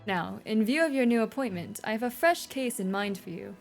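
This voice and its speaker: A man's voice: sits high, expressive, creaky, soft background music. A woman doing a stern older British judge. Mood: stern formal. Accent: posh British, attempted. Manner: formal, measured, commanding.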